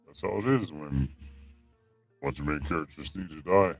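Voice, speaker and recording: A man's voice: a bass voice, moderate pace, breathy edge, faint music behind. A man co-hosting a casual chat, giving laid-back reactions and comments on a show recap. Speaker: podcast co-host.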